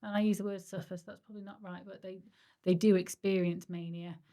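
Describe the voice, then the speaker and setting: A woman from Stoke-on-Trent co-hosts a relaxed podcast chat. Her voice sits at a middle pitch, and she explains ideas in a chatty, psychology-minded way. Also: fast talker. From Stoke-on-Trent, England. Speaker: podcast co-host. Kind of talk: casual chat.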